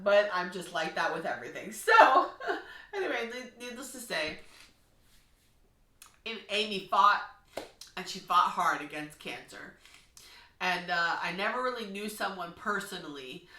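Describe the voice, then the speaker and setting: Lady talking thru tears, rambles, bright voice, kinda echoey room. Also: medium pitch. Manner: tearful, rambling, laughs through crying. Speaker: vlogger. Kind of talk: emotional personal tribute monologue.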